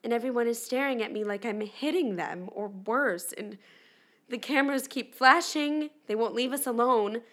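In this audio drama, an actress voices a candid, rattled pop star in her twenties, delivering a dramatic monologue full of "like." Her voice sits a little high and a bit bright, moving at normal speed with light acting. She comes across chatty and rambling.

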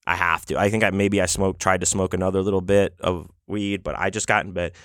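A man's voice: low voice, little pitch movement, fairly quick, no echo, clean studio sound. A man hosting a podcast, telling a road story in a rambling, profane, casual way with lots of fillers and restarts. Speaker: podcast host.

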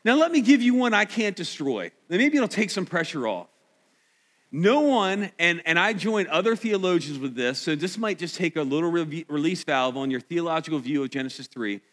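Male pastor preaching, higher voice, gets loud and punchy, hall echo. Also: lively intonation, normal speed. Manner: emphatic, rising to near shouts. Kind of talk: sermon. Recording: echoey hall.

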